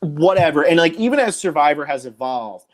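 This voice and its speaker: Young man from New Jersey, podcast co-host, chatty and rambling, voice sits a bit high. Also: lively intonation, brisk. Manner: rambling, enthusiastic, lots of fillers. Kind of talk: casual podcast chat.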